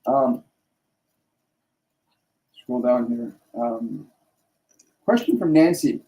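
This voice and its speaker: A man's voice: medium pitch, animated, very slow, warm tone, poor audio. A middle-aged man hosting a live spiritual stream, speaking earnestly with restarts and tag questions. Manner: earnest, rambling, frequent restarts and "right?" tags. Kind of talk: casual spiritual talk.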